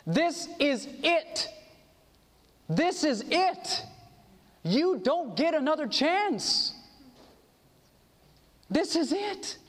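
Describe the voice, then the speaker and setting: A man preaches an earnest sermon, quoting scripture and asking for amens. His voice sits very high and moves a lot in pitch. A long reverb trails his words, as in a large hall. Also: big pitch swings, very slow, long pauses, fairly bright tone.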